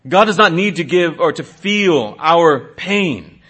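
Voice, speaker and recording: A man's voice: a little high, animated, slow pace, a bit bright, breathy edge. A middle-aged man, a pastor, preaching a sermon in an earnest way, asking questions and sometimes restarting.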